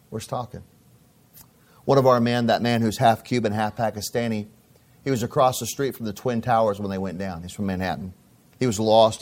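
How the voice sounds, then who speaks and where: A middle-aged man preaching a sermon as a pastor, telling stories in a conversational way and often repeating his phrases. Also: lowish voice.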